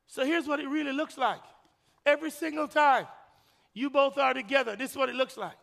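A man preaching a sermon as pastor, swinging from shouted peaks to hushed drops and acting out the voices of a couple. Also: extremely high pitch, fairly even intonation, fairly quick, creaky. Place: church. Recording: long hall reverb.

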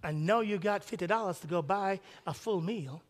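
A man preaching a sermon as pastor, animated, repeating lines for emphasis. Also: high-pitched, moderate pace, long reverb tail. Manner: animated, acts out quoted dialogue, repeats phrases for emphasis.

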